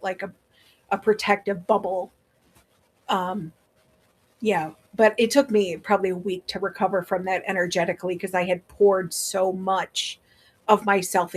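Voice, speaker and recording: A woman with a Wisconsin accent chatting casually on a livestream as a seller, rambling with many fillers. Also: medium pitch. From Wisconsin, USA.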